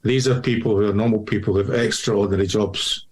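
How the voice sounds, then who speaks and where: A man with a lowish voice hosts a relaxed podcast chat. He thinks out loud in loose, reflective sentences. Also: quick pace, slightly rough. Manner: reflective, musing aloud. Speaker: podcast host. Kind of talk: casual chat.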